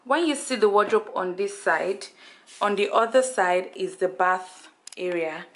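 Slow, chatty young Nigerian woman vlogging. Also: mid-range voice. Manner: chatty, playful, giggly, talks to the camera. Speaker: travel vlogger. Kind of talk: casual vlog narration.

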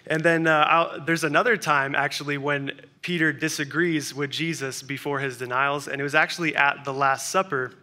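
Bright-voiced man preaching conversationally. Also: on the high side, fairly even intonation, moderate pace, few pauses. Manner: conversational storytelling with fillers. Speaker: pastor. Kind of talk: sermon.

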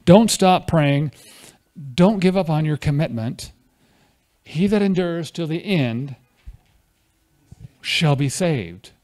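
A man's voice: fairly high pitch, animated, takes it slowly, long pauses, a little mellow. A man preaching a conversational sermon at a church fellowship, often asking the congregation questions.

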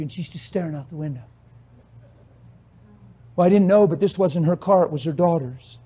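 A man preaching a sermon, telling a story and acting out its conversations, his passion swelling into emphatic shouts. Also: high voice, a little fast, pauses often, slightly rough.

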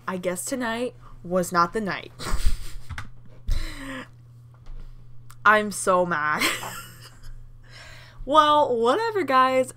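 A young woman hosting a Let's Play, reacting with excited laughs and swearing as she plays. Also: medium pitch. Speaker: gaming channel host.

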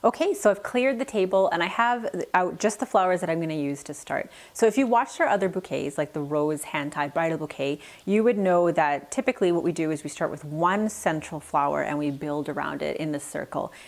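A woman's voice: sits low, brisk, few pauses. A woman florist giving a friendly, practical step-by-step demonstration at her work table, sharing tips as she goes. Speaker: florist instructor. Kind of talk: demonstration tutorial. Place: flower shop work table.

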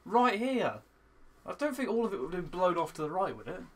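A young man hosting a gaming video, excitable, swinging from frustrated muttering to loud shouting at the game. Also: sits high, brisk. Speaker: gaming channel host. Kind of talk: let's play commentary.

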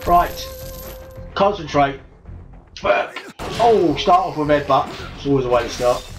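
A man's voice: on the high side, animated, unhurried. A man commentating his own video game play, swearing constantly through frustrated outbursts. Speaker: gamer. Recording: distant mic with loud game music.

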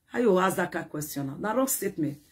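An older woman with a Nigerian Pidgin accent, ranting to camera about herself in a boastful, animated way that bursts into shouts. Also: fairly low pitch, fast talker, breathy edge. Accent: Nigerian Pidgin English.

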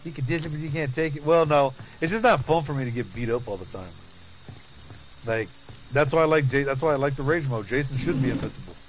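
A man's voice: mid-range voice, quick pace, a little hiss or hum, rough recording. A middle-aged man chatting casually over his gameplay, laughing often and talking to his chat and teammates. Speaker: gaming streamer.

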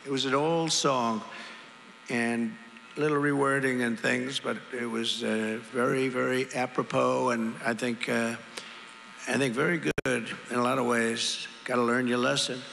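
An older man delivers a rambling campaign speech, repeating his lines and riffing with the crowd. His voice is bright and gravelly. A long reverb and a crowd with a low hum fill the background. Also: steady tone, a little slow. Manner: rambling, repetitive, ad-libbing to the crowd. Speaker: politician at a campaign rally. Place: large arena rally.

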